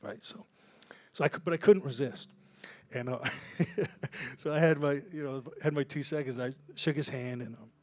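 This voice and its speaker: A man's voice: medium pitch, moderate pace. A man who is a singer-songwriter, telling a casual, self-deprecating story between songs on a small club stage, laughing often and swearing now and then. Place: small live music club, Houston. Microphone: stage vocal mic.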